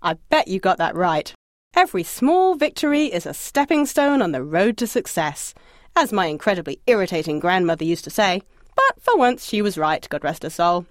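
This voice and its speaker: A woman's voice: on the low side, big pitch swings, moderate pace, no echo. Woman teacher talking thru an audio lesson, encouraging, bouncy intonation, dead dry sound. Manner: encouraging, lightly humorous. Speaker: language course instructor. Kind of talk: scripted audio lesson narration.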